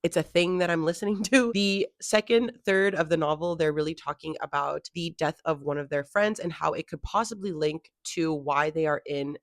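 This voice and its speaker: A woman's voice: low-pitched, moderate pace, few pauses, dry recording, clean studio sound. A young woman chatting casually in a reading vlog, talking about a book with lots of filler words. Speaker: book vlogger.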